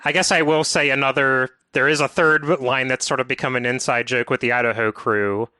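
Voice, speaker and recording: A man's voice: mid-range voice, steady tone, fairly quick, sharp tone, clear, resonant tone, dry recording. A man hosting a podcast in casual chat, walking through a video game in careful detail. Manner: detailed, methodical game walkthrough talk. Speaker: podcast host.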